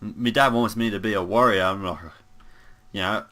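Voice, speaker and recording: A man's voice: fairly low pitch, fairly even intonation, brisk, pushed and bright. A man voicing a bumbling, easygoing young human paladin in an in-character monologue, rambling with lots of fillers and asides.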